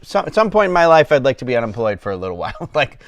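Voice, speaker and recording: A man's voice: mid-range voice, sing-song, racing, no room sound, muffled recording. Rambling man in his thirties, casual chat. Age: 30s. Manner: rambling, full of fillers and quoted asides. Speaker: channel host.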